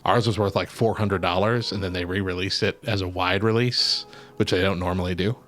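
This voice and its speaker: A man's voice: deep voice, fairly even intonation, brisk, fairly bright tone. A man co-hosting a stream, chatting casually in a rambling way and laughing often. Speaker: stream co-host. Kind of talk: casual chat.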